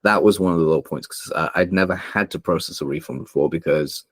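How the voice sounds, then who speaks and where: Deep-voiced man telling a personal story. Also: fast talker, husky, no room sound, studio quality. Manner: earnest and emotional, with frequent fillers and restarts. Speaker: podcast guest, copywriter. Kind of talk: candid personal storytelling in a conversation.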